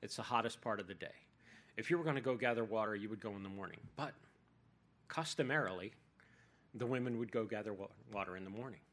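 A man's voice: fairly low pitch, fast talker, fairly bright tone. Conversational male preacher. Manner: conversational, jokey asides. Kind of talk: sermon.

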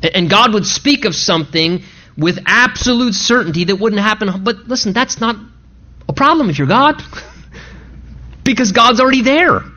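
A man preaching a sermon in an earnest, emphatic way, slowing down to read scripture and rising on his key points. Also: high-pitched, lively intonation, bright, forceful tone. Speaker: pastor. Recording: dull lo-fi recording.

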